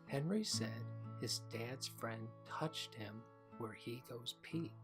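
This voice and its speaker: A man doing a worried young boy who talks hesitantly to his parents in a children's storybook. The voice sits at an even middle pitch and moves slowly. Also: music in the background, lightly acted. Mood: nervous. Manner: hesitant, nervous.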